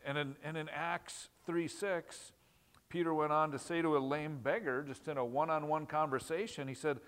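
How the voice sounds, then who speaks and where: A man's voice: a little high, fairly even intonation, normal speed, a bit bright. Man preaching a conversational sermon. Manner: conversational, asks the congregation questions, repeats words for emphasis. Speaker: pastor. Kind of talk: sermon teaching on scripture.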